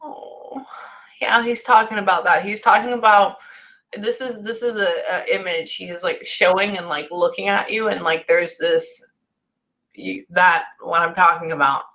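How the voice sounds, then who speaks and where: A woman giving a casual reading as a psychic medium, halting often to listen and sometimes dropping into soft near-whispers. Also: lowish voice. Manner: halting, keeps breaking off to listen. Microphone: recorded session.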